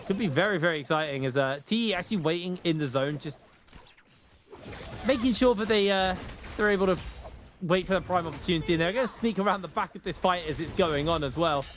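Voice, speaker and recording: A man casting a live esports match, energetic and rambling, often correcting himself mid-sentence. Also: fairly high pitch, slight background noise. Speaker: esports caster. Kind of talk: live esports play-by-play commentary.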